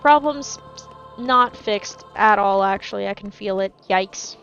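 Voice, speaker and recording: A woman's voice: medium pitch, unhurried, fairly bright tone, lo-fi sound, soft background music. A woman chatting casually while gaming, rambling and swearing freely in a jokey put-on accent. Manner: jokey put-on East Coast-style accent. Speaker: gaming streamer.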